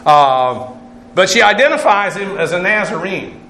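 A man's voice: high voice, sing-song, measured pace, sharp tone, echoey room, slight background noise. A man teaching a Bible class as its pastor, working through Greek words methodically, spelling them out letter by letter, with many "uh" fillers. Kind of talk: verse-by-verse Greek word study.

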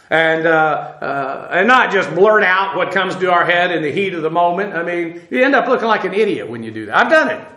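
Man, informal Bible teacher, slightly high voice, echoey room. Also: bright, forceful tone. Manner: informal, many fillers, spells out Hebrew words. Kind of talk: verse-by-verse Bible lesson.

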